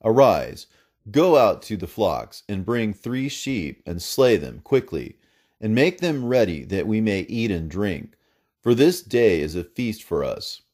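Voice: a man reading as an old patriarch, grave and hospitable. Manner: solemn, commanding. Range: lively, low-set. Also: a little slow.

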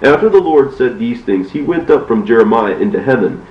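A man giving a measured, steady scripture reading, recorded from a distance in an echoey room with a dull sound. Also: mid-range voice. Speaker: reader.

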